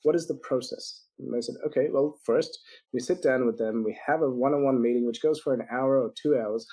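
Lively storytelling man, dark husky voice. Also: mid-range voice, a little fast, low-quality recording. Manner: animated storyteller acting out quotes; laughs often. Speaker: business consultant guest. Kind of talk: podcast interview storytelling.

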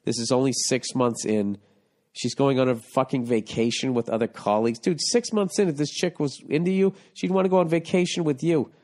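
A man's voice: medium pitch, brisk, darkish tone. A man hosting a podcast, reading listener letters aloud and giving profane, exasperated comedic advice. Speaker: podcast host.

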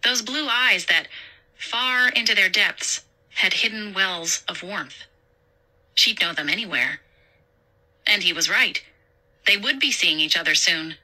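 A woman reading a story aloud as an audiobook narrator in a slow, deliberate manner. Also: mid-range voice, expressive, pushed and bright, poor audio. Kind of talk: scripted narration.

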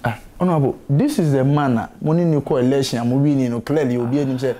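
A man's voice: medium pitch, quick pace, mellow. A Ghanaian man hosting a talk show, pressing his guest with probing questions. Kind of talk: talk show interview, mixing English and Twi.

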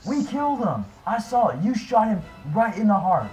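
A young man voicing his own character in a fan-made game drama, excitable and swinging between shouting and nervous mumbling. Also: high voice, normal speed, faint music behind, rough recording. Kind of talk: improvised fan machinima dialogue.

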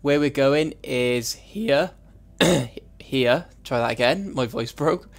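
A man's voice: mid-range voice, unhurried. A young man hosting a let's-play, chatting casually and swearing freely as he plays. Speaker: gaming channel host.

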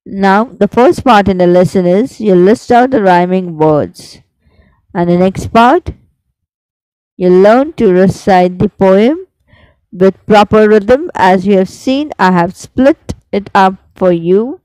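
A woman teaching a poetry recitation lesson, speaking very slowly and deliberately. Her voice is smooth and clear, and the recording is dry and close, with no room sound. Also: medium pitch, animated, a little mellow, no room sound, poor audio. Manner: slow, careful, rhythmic recitation.

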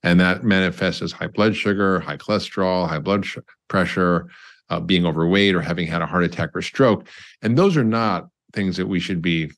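Deep-voiced man explaining. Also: moderate pace, a bit bright. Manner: explanatory, lists examples, frequent restarts. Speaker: doctor and guest. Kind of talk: conversational interview.

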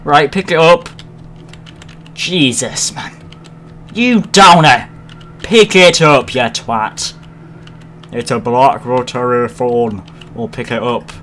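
A man commentating his horror game playthrough, swearing a lot and shouting at the game when it frightens him. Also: medium pitch, slow pace, pauses often, a little hiss or hum. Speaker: let's play host. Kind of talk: gaming commentary.

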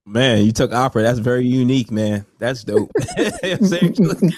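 A man's voice: mid-range voice, fairly even intonation, fairly quick, no room sound. Male podcast host, upbeat, chatty, dry close-miked sound. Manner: upbeat, says "man" a lot. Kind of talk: casual podcast chat.

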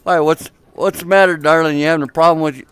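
A man's voice: fairly high pitch, fairly even intonation, quick pace, a bit bright, clean tone, no echo. A man giving casual joking commentary while chatting in a social VR game room, teasing strangers with crude banter through a headset mic. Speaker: VR chat YouTuber.

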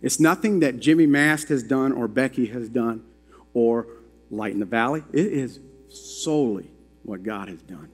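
A man preaching into a microphone in a church, his voice carrying a long hall reverb. He tells the story in an emphatic, conversational way and keeps turning to the congregation with questions. His pitch is mid-range for a man. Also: a little slow, breathy edge, soft background music. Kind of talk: sermon storytelling. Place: church sanctuary. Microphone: handheld or stand microphone.

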